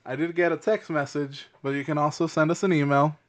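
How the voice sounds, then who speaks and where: A man hosting a casual podcast, calmly reading out how to get in touch. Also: a little high, fairly quick. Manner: relaxed, reads out contact info. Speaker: podcast host. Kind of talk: casual chat.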